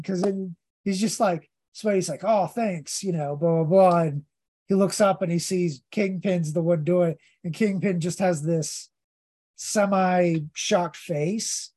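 Podcast host, unhurried and rambling, lots of ums, casual comic recap. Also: mid-range voice, darkish tone. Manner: rambling, hesitant, many fillers.

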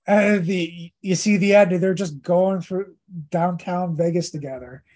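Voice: mid-range voice, steady tone, a little slow, darkish tone. A podcast host giving a casual, rambling recap of a comic story, hesitating often with fillers.

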